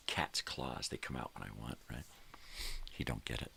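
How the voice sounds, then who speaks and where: A man's voice: very deep voice, steady tone, normal speed, gravelly, sharp tone, in a whisper. An older man hosting a morning show, talking in a casual, rambling monologue full of fillers that trail off.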